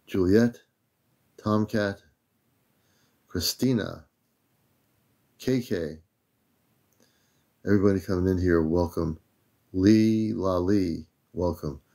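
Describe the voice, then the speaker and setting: An older American man hosting a casual livestream, relaxed and easygoing, greeting viewers one by one by name. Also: low-pitched, slow, creaky, pauses often. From United States. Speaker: livestream host.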